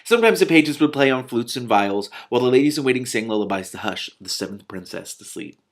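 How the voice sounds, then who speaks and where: A man's voice: medium pitch, lively intonation, fast. A man reading a storybook aloud, with enthusiastic asides in between. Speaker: reader and commentator. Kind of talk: read-aloud book narration with commentary.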